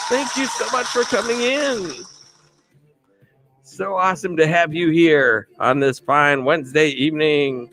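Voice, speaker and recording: A man hosting a casual live stream, a bit tipsy, rambling cheerfully through shout-outs to his viewers, with music playing faintly behind. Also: on the high side, measured pace. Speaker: livestream host.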